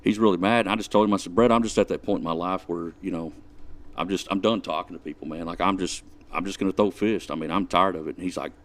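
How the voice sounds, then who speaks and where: A man's voice: low-pitched, quick pace. A man in his forties, a podcast guest, retelling a prank story in a laid-back, dry way. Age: 40s. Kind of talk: casual storytelling chat.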